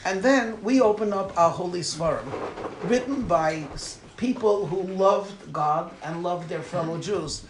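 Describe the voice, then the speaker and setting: High-voiced rabbi telling stories, echoey room. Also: male voice, a little slow, background noise. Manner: storytelling, laughing, quoting in a rising voice. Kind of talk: farbrengen talk.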